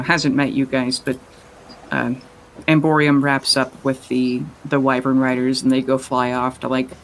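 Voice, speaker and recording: A man's voice: medium pitch, rough recording. A man running a tabletop game as game master, narrating in a rambling, casual way with many fillers.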